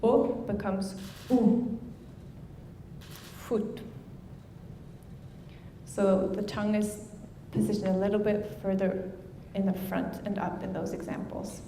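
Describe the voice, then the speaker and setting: A woman's voice: flat delivery, unhurried, dark tone. A young adult woman giving a seminar talk. She explains patiently, checks in with her listeners and sounds out example words. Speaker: guest lecturer. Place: seminar room. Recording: echoey hall with faint noise and rumble.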